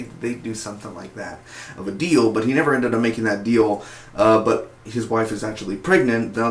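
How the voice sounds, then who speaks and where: A man reviewing a TV episode in a casual video, rambling, repeating words and correcting himself as he goes. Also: lowish voice. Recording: echoey room with faint noise.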